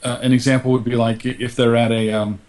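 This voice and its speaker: A young man co-hosting a casual podcast chat, talking in an animated way and acting out little quotes as he goes. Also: mid-range voice, fast talker. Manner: chatty, animated retelling with put-on quotes. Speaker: podcast co-host.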